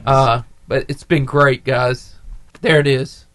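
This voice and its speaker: A man's voice: mid-range voice, steady tone, slow, a bit bright, faint music behind. A man hosting a radio show in easygoing, laughing casual chat.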